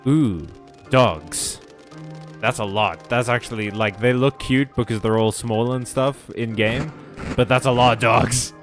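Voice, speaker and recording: A man's voice: medium pitch, unhurried, a bit bright, faint music behind. A man giving joking commentary over a video game playthrough, full of sarcastic asides. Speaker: let's play host.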